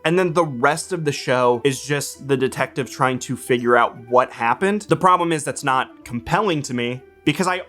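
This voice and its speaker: A man's voice: medium pitch, moderate pace, hardly any pauses, sharp tone, faint music behind. A man giving a casual movie review in a vlog, wry and joking, with some swearing.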